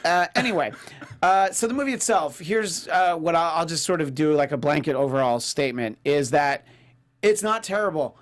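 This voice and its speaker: A man hosting a casual podcast chat, telling stories and mimicking people in squeaky voices. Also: lively intonation, normal speed. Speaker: podcast host.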